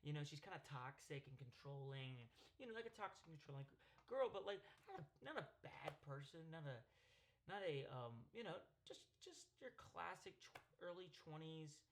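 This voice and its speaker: A man hosting a casual movie breakdown, excitable and rambling, with many fillers, restarts and bursts of swearing for emphasis. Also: on the high side, moderate pace, a little hiss or hum. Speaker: host.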